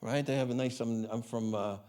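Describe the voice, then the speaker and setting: A man's voice: medium pitch, fairly even intonation, fairly quick, darkish tone, smooth, close to an everyday voice. A man voicing a cheerful Italian man with a clumsy put-on Italian accent and stammering repeats. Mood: enthusiastic.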